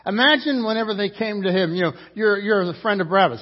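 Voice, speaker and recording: A man's voice: high voice, quick pace, dull audio. A man preaching a sermon as pastor, telling the story vividly and acting out the characters' lines.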